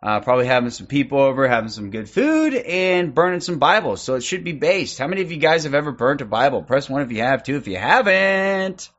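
A man hosting a livestream in loose, casual chat, reeling off quick shout-outs and swearing freely. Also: medium pitch, very animated, muffled recording. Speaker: livestream host.

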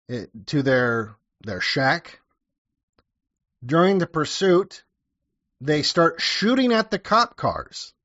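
A man's voice: a little high, fairly bright tone, no echo, lo-fi sound. Sarcastic man telling a crude story. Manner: sarcastic, crude, with wry asides. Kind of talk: casual true-crime storytelling.

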